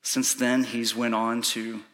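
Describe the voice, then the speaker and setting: A man preaching a sermon, telling a personal story with urgency, sometimes hushed and sometimes pleading. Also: mid-range voice, little pitch movement, slow pace. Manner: urgent pleading, rising to shouting in reenacted moments; soft and hushed when recounting prayer. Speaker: pastor.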